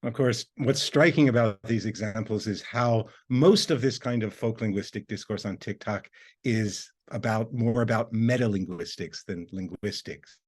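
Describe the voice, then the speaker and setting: A man giving an academic video lecture as a university lecturer, explaining in a measured way. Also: lowish voice, slightly rough.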